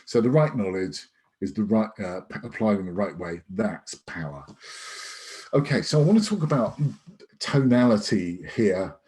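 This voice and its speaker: Teaching a sales masterclass online via video call, this UK sales trainer talks in an emphatic, conversational style full of fillers and restarts. He has a fairly low, warm voice, speaking animatedly at a normal speed.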